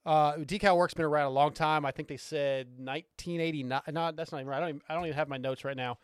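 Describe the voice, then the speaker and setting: A man hosting a casual podcast, excitable and rambling, who swears freely. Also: a little high, fast, smooth, no room sound, clean studio sound. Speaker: podcast host.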